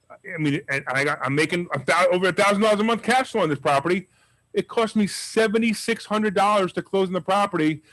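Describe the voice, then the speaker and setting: A quick, energetic man teaches a real estate investing class, his voice sitting a bit high and close to a dry mic. He tells his deals with emphatic enthusiasm and rattles through the numbers. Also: dry recording, poor audio. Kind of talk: live class with questions.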